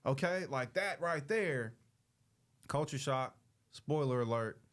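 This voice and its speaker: Animated, slangy man telling a story. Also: mid-range voice, takes it slowly. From Los Angeles. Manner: animated, slangy storyteller who acts out quoted people. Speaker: show host. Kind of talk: casual storytelling to an audience.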